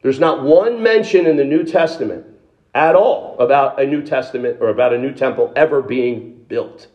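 A man's voice: medium pitch, normal speed, muffled recording. A man in the role of a pastor, delivering a sermon in an emphatic, conversational way, with rhetorical questions and frequent restarts.

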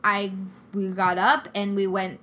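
A woman's voice: mid-range voice, measured pace. A young woman telling a personal story in casual chat, acting out what people said. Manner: animated storytelling, acting out quotes.

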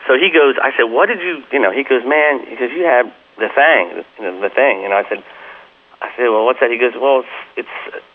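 A man's voice: mid-range voice, brisk, phone-quality sound. A man being interviewed as a guest musician, telling long rambling anecdotes full of "you know" and acting out the voices of people he quotes. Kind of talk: casual interview storytelling.

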